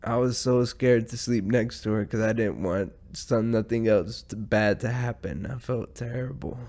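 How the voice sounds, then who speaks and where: A man hosts a casual podcast and tells a long story. He talks slowly and unhurried, rambling and swearing freely, and keeps chuckling at himself as he goes. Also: medium pitch, darkish tone. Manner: profane, rambling, chuckling through his own story. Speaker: podcast host.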